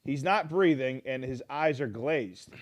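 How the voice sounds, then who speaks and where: A man's voice: medium pitch, animated, unhurried. A man co-hosting a casual podcast, reading corny jokes aloud and laughing at them. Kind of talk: casual chat.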